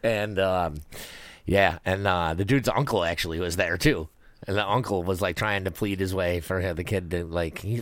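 A man's voice: deep voice, normal speed, no echo. A man, co-hosting a casual podcast, telling stories with frequent laughter and swearing. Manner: laughing storyteller, swears freely. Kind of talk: casual chat.

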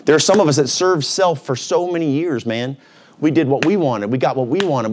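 A male pastor preaching a sermon in a lively, conversational way, dropping to a quiet low voice at reflective moments. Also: moderate pace, slight background noise. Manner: energetic, conversational preaching with sudden pitch swings.

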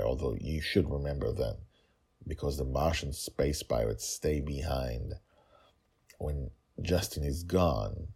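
A man hosting a fantasy story podcast, narrating in an animated way with chuckling asides. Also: a bass voice, gravelly, slightly rough.

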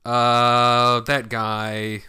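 A man co-hosting a podcast, chatting casually and rambling through a movie plot while acting out the characters' lines in quick asides. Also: medium pitch, completely flat delivery, bright, forceful tone, smooth. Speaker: podcast co-host. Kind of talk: casual chat recapping a movie.

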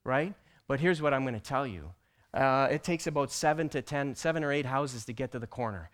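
A man teaching a church group, telling a personal story with animated delivery that builds to loud, emphatic peaks. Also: medium pitch, a little fast. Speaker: church teacher presenting slides.

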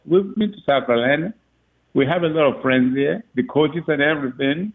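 A man, the father of a recruit, telling a story in a rambling, halting way with frequent laughs. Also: a little high, breathy edge. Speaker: father of a recruit, interview guest. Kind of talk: phone interview, storytelling. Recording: tinny phone line.

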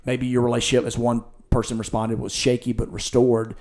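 A man's voice: medium pitch, flat delivery, a little fast, darkish tone. A man hosting a church podcast conversation, talking earnestly and retelling scenes with quoted lines.

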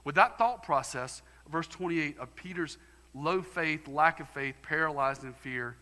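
A man's voice: on the high side, measured pace, pushed and bright, long reverb tail. A man preaching a sermon as pastor, emphatic and conversational. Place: church sanctuary.

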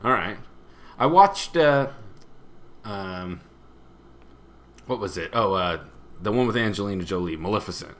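A man's voice: lowish voice, animated, a little slow, long pauses, a bit bright. A young man co-hosting a casual comedy podcast, spinning a story and laughing often as he acts out other people's lines. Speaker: podcast co-host.

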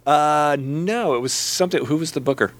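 A man's voice: fairly high pitch, moderate pace. A man hosting a casual podcast chat in a hotel room, joking, asking questions and often restarting his sentences. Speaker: podcast host.

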